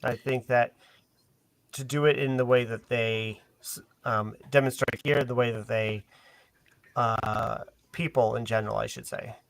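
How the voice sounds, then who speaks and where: A man's voice: mid-range voice, steady tone, a little slow, gravelly, no echo. A man in a casual panel chat, speaking hesitantly with many fillers. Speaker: podcast panelist.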